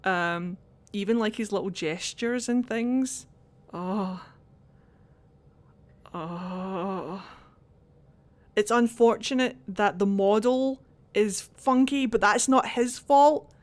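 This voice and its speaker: Excitable gushing woman streamer. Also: on the high side, slow pace. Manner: gushing, excitable, repeats words. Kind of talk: casual gameplay commentary.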